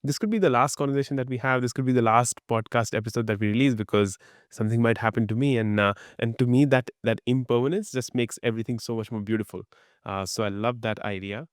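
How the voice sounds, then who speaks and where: A man's voice: medium pitch, steady tone, fast talker, smooth, no room sound, clean studio sound. A man hosting a podcast interview, appreciative and enthusiastic as he reflects on his guest's words. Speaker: podcast host. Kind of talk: interview conversation.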